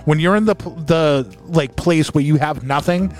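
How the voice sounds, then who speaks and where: A man's voice: on the high side, moderate pace, a little mellow, faint music behind. A young man co-hosting a podcast, talking in a profane, laid-back casual chat. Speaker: podcast co-host.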